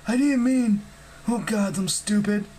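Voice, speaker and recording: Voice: medium pitch, a little slow, warm tone, breathy edge, voice pushed up, poor audio. A reader voicing a kind, anxious teenage girl. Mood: concerned.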